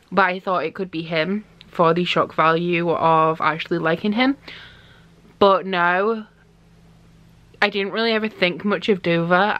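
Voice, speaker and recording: Young female book vlogger, lowish voice, casual, chatty, gushing. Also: fairly bright tone. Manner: chatty, gushing, says "like" a lot. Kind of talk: casual book diary chat.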